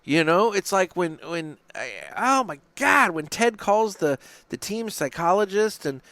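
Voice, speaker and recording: A man's voice: high voice, unhurried, no echo. A man hosting a cigar podcast in casual chat, rambling, swearing and restarting his sentences as he talks about what he has been watching. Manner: rambling, profane, animated, many restarts. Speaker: podcast host. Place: small studio. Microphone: studio microphone.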